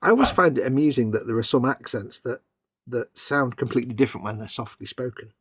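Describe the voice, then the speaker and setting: Male livestream co-host, husky and chatty, casual banter, dry close sound. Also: mid-range voice, fast, no room sound. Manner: chatty, laughs often, drifts into soft trailing asides. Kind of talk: casual chat.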